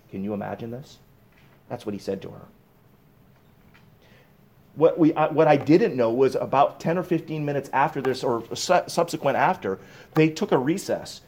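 A man preaching a sermon, swinging from emphatic raised bursts to low, hushed reflection. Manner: emphatic, rising to raised bursts on key points. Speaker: pastor.

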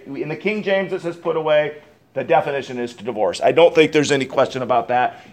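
Emphatic high-voiced preacher man. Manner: emphatic preaching with rhetorical questions and sudden drops to quiet asides. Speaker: pastor. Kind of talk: sermon.

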